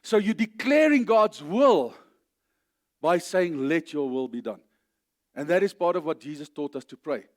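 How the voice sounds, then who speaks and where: Male pastor, South African accent, middle-aged, emphatic church sermon, slightly high voice. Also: expressive, a little slow. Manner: emphatic, rising to loud declarations then dropping low.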